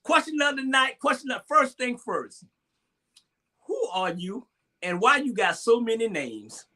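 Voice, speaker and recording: A man's voice: extremely high pitch, big pitch swings, unhurried, bright, forceful tone. A man hosting a casual live-stream talk show, rambling and repeating himself as he jokes and complains. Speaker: show host.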